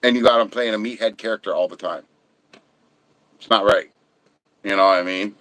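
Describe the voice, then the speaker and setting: Blunt, low-voiced ranting man. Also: a little fast, a bit bright, no room sound, poor audio. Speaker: livestream host. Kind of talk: casual opinionated chat.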